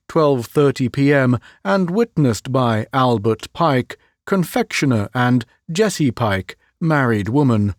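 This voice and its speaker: Slow, measured male audiobook narrator. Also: a little high, no room sound, clean studio sound. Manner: measured, unhurried storytelling. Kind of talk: scripted narration.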